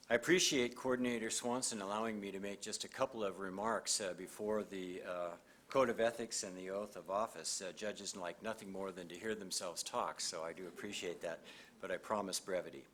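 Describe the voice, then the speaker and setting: An older man, a district judge from Montana, giving a measured, earnest speech at a graduation ceremony and reading an oath at a podium microphone. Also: fairly low pitch, a bit bright, slight background noise. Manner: measured, earnest, with pauses and fillers.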